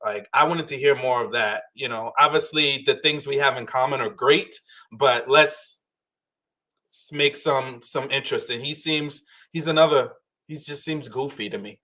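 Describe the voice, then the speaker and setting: A man's voice: medium pitch, moderate pace, pushed and bright. Thoughtful man questioning on a panel. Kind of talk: casual panel chat.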